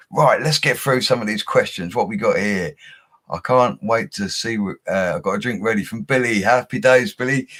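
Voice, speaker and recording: A young man, hosting a casual livestream, reading out viewer comments in a laid-back, slangy way. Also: mid-range voice. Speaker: bricklayer livestream host. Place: home setup he calls a studio.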